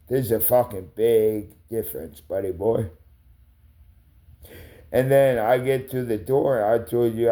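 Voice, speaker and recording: A man's voice: medium pitch, mellow. A man ranting in a rambling, confrontational way, swearing heavily and calling out people by name. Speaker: livestreamer. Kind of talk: rambling angry rant.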